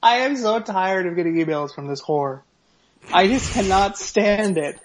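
Husky, sarcastic man on a podcast. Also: high-pitched, expressive, measured pace. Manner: sarcastic, profane, mock-dramatic reading. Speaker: podcast co-host. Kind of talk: casual podcast banter, reading an email aloud. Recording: slightly dull lo-fi podcast audio.

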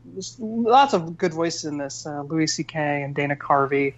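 A man's voice: fairly high pitch, a little slow, lo-fi sound. A man co-hosting a podcast, reviewing a film in a rambling, conversational way. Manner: rambling, conversational, frequent fillers.

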